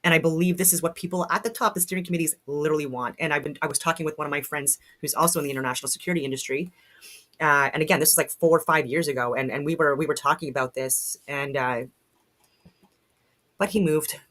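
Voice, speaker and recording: A woman's voice: sits low, fairly even intonation, fast talker, fairly bright tone. A woman vlogger at home giving blunt, fired-up commentary, swearing and rambling with restarts. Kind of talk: casual commentary to camera. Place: at home in a log house.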